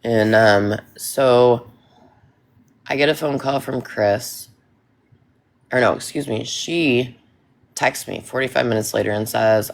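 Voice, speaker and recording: A woman with a gravelly, fry-laced voice tells a story in a casual chat. She rambles and restarts, leaning hard on emphatic lines. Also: extremely low pitch, fairly even intonation, unhurried.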